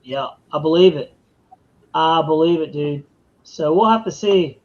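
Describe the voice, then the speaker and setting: A man with a drawl hosts a live hobby podcast in a casual, easygoing way. His voice sits high for a man, and the stream audio sounds dull and lo-fi. He keeps things loose, tossing in "dude" and "man" as he chats. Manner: laid-back, drawn-out "dude" and "man", reads viewer comments aloud. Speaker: podcast host.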